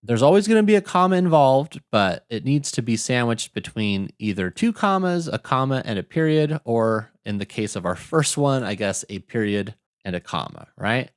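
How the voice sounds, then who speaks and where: A man tutoring test prep, talking through grammar questions in a lively teacher's tone and asking rhetorical questions. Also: mid-range voice, moderate pace, hardly any pauses, no room sound, studio quality. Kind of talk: explaining grammar questions on screen.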